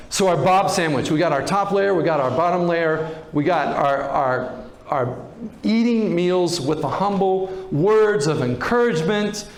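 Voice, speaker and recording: A man preaching a sermon in a loose, conversational storytelling manner, his voice sitting a bit high. The sound is echoey, as in a church hall. A faint hum sits underneath. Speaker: pastor.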